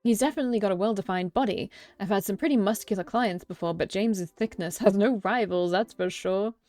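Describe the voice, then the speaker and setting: A woman's voice: medium pitch, a little fast, warm tone, dry recording. A young woman reading a visual novel aloud as its narrator, often breaking off into joking, cursing asides and self-corrections. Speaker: let's play streamer.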